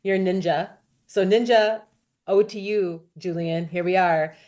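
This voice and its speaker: A woman's voice: fairly low pitch, a little slow, darkish tone. A middle-aged woman interviewing her son, asking chatty, loosely phrased questions. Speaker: interviewer, the host's mother. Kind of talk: casual interview.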